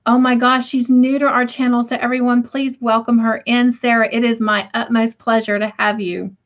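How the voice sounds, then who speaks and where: This livestream host, a middle-aged woman broadcasting casually from home, keeps a level tone at a normal speed with a fairly high-pitched voice. She's talkative and laughs a lot while reading viewers' comments aloud. The audio is lo-fi and dull.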